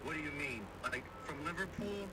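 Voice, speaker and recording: A man's voice: fairly high pitch, expressive, normal speed, bright, forceful tone. An AI voice clone of a cocky young male boxer, boasting in casual slang, played from a phone speaker. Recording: distant, noisy phone playback.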